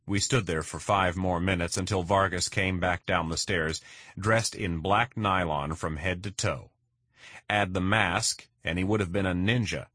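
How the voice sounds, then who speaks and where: Male first-person audiobook narrator, deep and husky, matter-of-fact. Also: fairly bright tone, no echo, studio quality.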